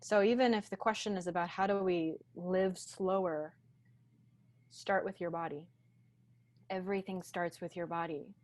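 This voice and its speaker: A woman guest in a podcast interview, speaking slowly and deliberately in a grounded, reflective teaching tone over a video call. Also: fairly low pitch, steady tone, a little mellow. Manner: slow, deliberate, grounded delivery.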